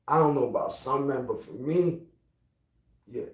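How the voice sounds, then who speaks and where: A middle-aged man telling a personal story in a profane, animated rant. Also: mid-range voice, measured pace. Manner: animated, profane, builds to angry outbursts. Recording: roomy, distant from mic.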